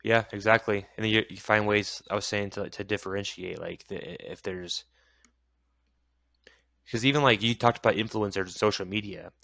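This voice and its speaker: A man with a low voice talks loosely in a relaxed podcast chat, wandering off his point and circling back. He is recorded close and dry. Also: moderate pace, gravelly, no room sound. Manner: rambling, loses his train of thought. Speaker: podcast co-host. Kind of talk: casual chat.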